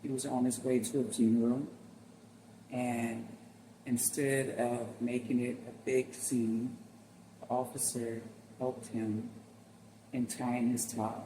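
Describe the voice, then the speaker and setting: A man's voice: mid-range voice, flat delivery, takes it slowly, pauses often, warm tone, slight background noise. A man hosting a reaction video, speaking heartfelt to viewers as friends and easily moved to tears. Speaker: channel host. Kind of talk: reaction commentary on video clips.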